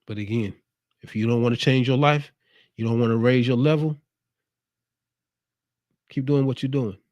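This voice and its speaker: A man's voice: medium pitch, steady tone, moderate pace, darkish tone, dry recording, clean studio sound. A man hosting his own show, delivering a casual, streetwise motivational monologue with a preachy edge. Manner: laid-back, streetwise, preachy. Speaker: show host.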